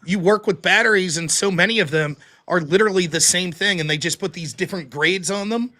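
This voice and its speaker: A chatty male host with a Pittsburgh accent, his voice high and bright. He talks loosely and swears often as he takes calls. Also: a little fast. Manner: chatty, swears freely, playful. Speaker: call-in show host. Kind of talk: casual chat.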